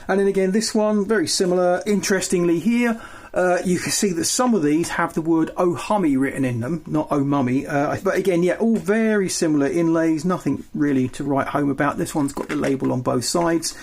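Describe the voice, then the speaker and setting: Chatty man, higher voice. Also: a little fast, creaky, a little mellow. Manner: chatty, rambling, filler-heavy. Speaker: retro game collector. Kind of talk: show-and-tell of collection.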